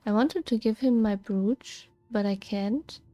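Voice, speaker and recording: A young woman streaming a game, thinking aloud in a soft-spoken way. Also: a little high, a little slow, no echo. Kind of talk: gameplay commentary.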